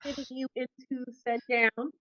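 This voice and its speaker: A woman's voice: high-pitched, little pitch movement, normal speed, a bit bright, dull audio. A woman narrating as game master in a tabletop role-play stream, also speaking for non-player figures.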